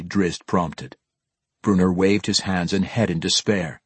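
A man narrating a fantasy audiobook in a measured, expressive storytelling manner. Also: low-pitched, husky, dry recording.

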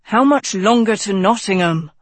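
An audiobook narrator voicing a young king who is impatient, stubborn and quick to take offense. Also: mid-range voice, fairly even intonation, a bit bright, no echo, natural voice. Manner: impatient, insistent.

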